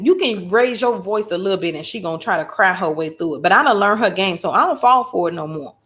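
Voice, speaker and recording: Woman gabbing casual, fairly high voice, really emphatic storyteller. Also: pushed and bright. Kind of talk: casual chat.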